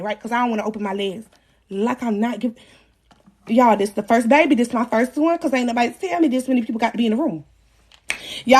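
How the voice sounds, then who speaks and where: Animated young woman telling a story live. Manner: animated, profane, dramatic retelling with shifting pitch. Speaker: livestream host. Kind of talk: casual storytelling to live chat.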